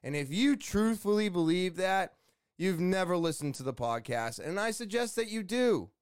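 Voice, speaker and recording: A man's voice: sits high, animated, moderate pace, smooth, dry recording, studio quality. A man hosting a podcast, talking in a rambling, blunt way with swearing and lots of fillers. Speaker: podcast host. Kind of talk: casual podcast rant.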